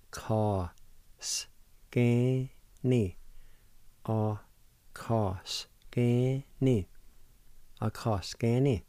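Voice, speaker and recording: A middle-aged man hosting a radio language lesson, spelling words letter by letter and sounding out each syllable slowly and deliberately. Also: on the low side, mellow, no echo. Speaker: radio language teacher, show host.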